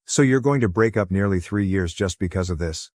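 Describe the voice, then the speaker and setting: A man's voice: low voice, fairly quick, a little mellow, dry recording, studio quality, close to an everyday voice. A man reading a sarcastic girlfriend. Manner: sarcastic, mocking. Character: sarcastic, scornful young girlfriend.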